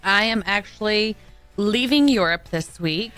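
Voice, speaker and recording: A woman's voice: medium pitch, lively intonation, a bit bright, clean tone, soft background music. A woman from Texas co-hosting a Saturday morning radio show in a studio, talking in a playful, easygoing way. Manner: slow, playful. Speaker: radio co-host. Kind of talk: casual radio chat.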